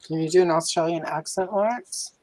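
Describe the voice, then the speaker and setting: A woman's voice: lowish voice, fairly quick, a little mellow, no room sound, rough recording. A woman on a livestream call, joking playfully and explaining things. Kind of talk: casual chat. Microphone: video call.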